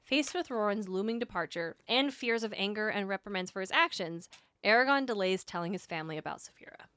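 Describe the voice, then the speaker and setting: A woman's voice: medium pitch, animated, fairly quick, a bit bright, smooth, dry recording. A woman co-hosting a book podcast, chatting casually with lots of fillers and reading passages aloud. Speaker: podcast co-host.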